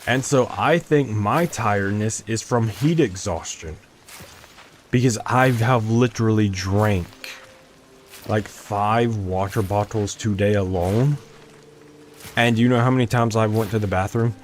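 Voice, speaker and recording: Low-voiced rambling young man streamer. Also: measured pace, a little hiss or hum. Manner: rambling, self-interrupting, chatty. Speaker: gaming streamer. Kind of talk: casual gameplay chat with chat.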